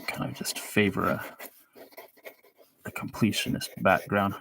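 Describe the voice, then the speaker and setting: A man's voice: on the low side, fairly even intonation, a little slow, gravelly, pushed and bright, slight background noise. A man hosting a live show, rambling with sardonic asides while he draws. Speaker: show host. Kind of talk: rambling live-stream commentary while drawing.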